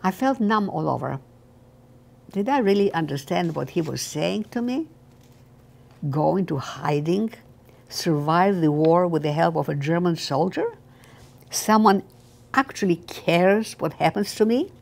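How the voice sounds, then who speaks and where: Older woman reading her memoir, gravelly. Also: fairly low pitch, lively intonation, a little slow, long pauses, darkish tone. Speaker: memoir author.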